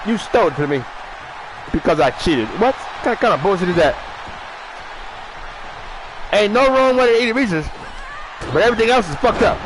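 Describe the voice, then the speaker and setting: A man hosting a wrestling show, shouting a rambling profane comic monologue, stuttering at times and eating while he talks. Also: high voice, animated, normal speed, long pauses, a little hiss or hum, rough recording. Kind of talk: loud profane comedic monologue.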